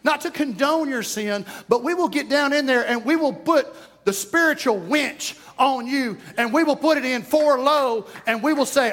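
East Texan pastor, folksy joking sermon, high-pitched male voice. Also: normal speed, fairly bright tone. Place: church sanctuary.

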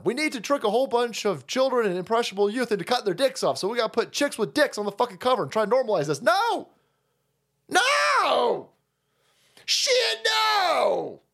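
A man hosting a livestream, delivering a loud, mocking, profanity-laden commentary rant. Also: high-pitched, expressive, quick pace, hardly any pauses. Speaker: livestream host.

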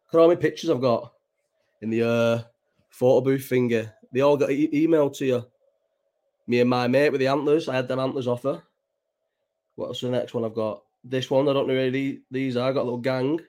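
A man's voice: medium pitch, darkish tone. A young man from England hosting a late-night livestream, chatting in a loose, sweary, rambling way with many restarts. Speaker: livestream host. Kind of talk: casual chat.

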